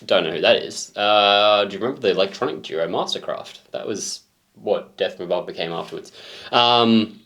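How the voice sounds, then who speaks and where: A man's voice: on the low side, moderate pace, a bit bright. A young Australian man co-hosting a music reaction show, making dry, teasing remarks. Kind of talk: casual chat reacting to a music video.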